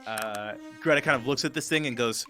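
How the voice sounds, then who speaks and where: A man narrating a tabletop game as game master, halting with many restarts. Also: medium pitch, pushed and bright, faint music behind. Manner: halting, full of fillers and restarts.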